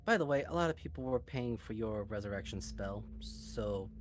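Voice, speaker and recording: A man doing a small shrill cat demigoddess. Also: animated, normal speed, background noise, natural voice. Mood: chatty. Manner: chatty and rambling, with fillers. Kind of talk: tabletop role-play voicing.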